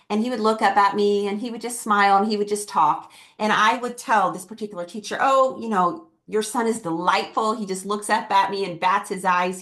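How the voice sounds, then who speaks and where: A woman's voice: mid-range voice, fairly bright tone. A middle-aged woman hosting her own podcast, telling a personal story in an earnest, emphatic way. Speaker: podcast host and keynote speaker.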